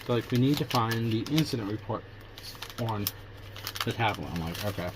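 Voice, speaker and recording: In this casual storytelling vlog, a Pennsylvania man recounts his day by quoting exchanges he had with people. He speaks at a normal speed in a fairly low, animated voice, with background noise present.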